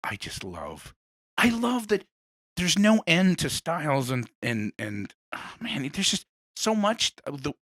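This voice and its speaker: A man hosting a casual interview, telling rambling animated stories. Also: fairly high pitch, slow pace, dry recording. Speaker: podcast host.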